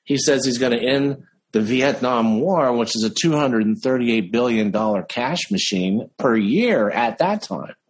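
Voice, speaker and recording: A man chatting casually as an interview guest, an animated storyteller who slows down for emphasis. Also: medium pitch, husky, poor audio. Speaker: impressionist guest.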